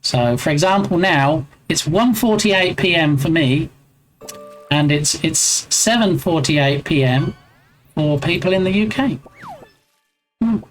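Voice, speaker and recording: A man's voice: a little high, lively intonation, takes it slowly, faint music behind, poor audio. A man in his forties with an English accent, chatting casually with his live stream viewers and bantering playfully as he answers their chat.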